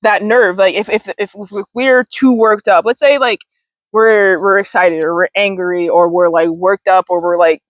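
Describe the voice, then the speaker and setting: With a medium-pitched, steady voice at normal speed, a woman hosts a wellness show as a loose talking-to-camera monologue. She wanders, repeats words, laughs often, and drops the odd swear word in casual slang. The sound is lo-fi, without room reverb.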